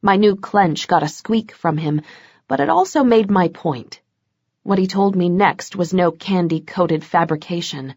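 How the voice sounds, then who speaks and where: A woman's voice: on the low side, a little slow, a little mellow, dry recording, studio quality. A woman narrating a first-person audiobook with a tough, sarcastic delivery.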